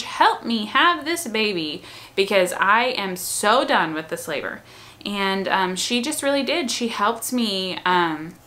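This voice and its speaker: Bright-voiced woman chatting casually. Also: mid-range voice. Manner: chatty, with frequent "um" and "like". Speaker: mother telling her birth story. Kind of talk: casual storytelling to camera.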